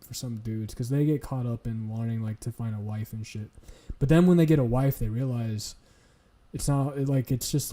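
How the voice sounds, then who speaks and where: Very dark-voiced man ranting bluntly. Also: mid-range voice. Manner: profane, blunt, lecturing. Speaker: streamer. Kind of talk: casual ranting stream talk.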